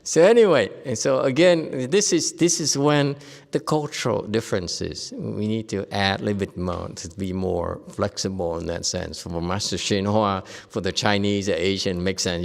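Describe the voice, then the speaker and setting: Gravelly man lecturing in a reverberant hall. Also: on the low side, moderate pace. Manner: lively storytelling, acts out quoted speakers, laughs often. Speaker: Buddhist teacher. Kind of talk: Dharma lecture. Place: Buddhist meditation hall.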